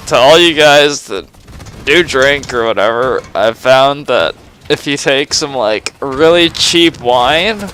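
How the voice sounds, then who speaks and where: A man's voice: medium pitch, pushed and bright, slight background noise. A young man in his late teens, a bit drunk, rambling and swearing through a confessional monologue, with laughs and sighs between phrases. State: tipsy from drinking. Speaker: gamer recording a personal vlog.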